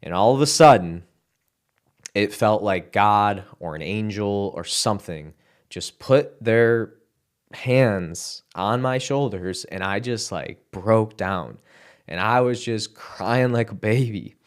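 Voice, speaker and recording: Emotional young man, lowish voice. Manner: emotional, halting, apologizes and sighs, casual fillers. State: close to tears. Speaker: content creator sharing his testimony. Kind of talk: emotional personal testimony.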